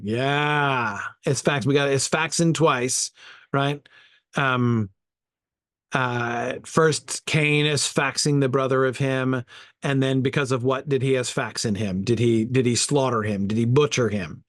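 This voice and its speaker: A man's voice: mid-range voice, a little slow, a bit bright, no echo, clean studio sound. A man leading an informal Bible study, thinking aloud and sounding out Greek words as he goes.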